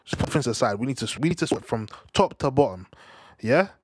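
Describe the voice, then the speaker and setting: A young man ranting casually about football, animated and slangy, tagging "bruv" onto his lines. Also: medium pitch, fast talker, slightly rough, dry recording, clean studio sound. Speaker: football fan commentator. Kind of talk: casual rant to camera.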